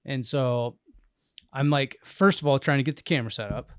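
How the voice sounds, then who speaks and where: A man's voice: mid-range voice, normal speed, clear, resonant tone, no room sound, clean studio sound. Chatty man telling a hunting story. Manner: animated, rambling storyteller with frequent laughs. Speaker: podcast co-host and bear hunter. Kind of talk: casual storytelling chat. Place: indoors in a cabin.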